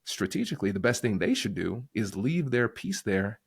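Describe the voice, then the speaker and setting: A man guest on a podcast interview, explaining negotiation in an energetic, emphatic way. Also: fairly low pitch, normal speed, vocal fry, husky, no echo, studio quality. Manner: energetic, emphatic, acts out quoted voices.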